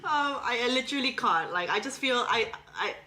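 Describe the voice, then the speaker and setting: A woman's voice: on the high side, animated, fairly quick, bright, forceful tone. A British woman chatting as a podcast guest, giggly and rambling with lots of "like". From Britain. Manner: giggly, rambling, heavy use of "like". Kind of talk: casual chat. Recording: echoey room with faint noise.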